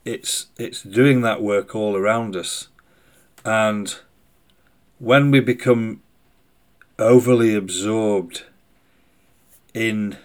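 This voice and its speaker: A man hosting a podcast, speaking a slow, thoughtful spoken meditation with hesitant phrasing. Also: on the low side. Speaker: podcast host. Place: indoors by a window in the rain.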